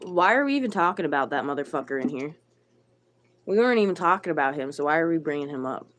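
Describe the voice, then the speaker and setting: A woman's voice: deep voice, expressive, fast talker, a little hiss or hum. A woman livestreamer ranting to her chat, blunt and irritated, swearing a lot and answering viewers by name. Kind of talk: live stream chat rant.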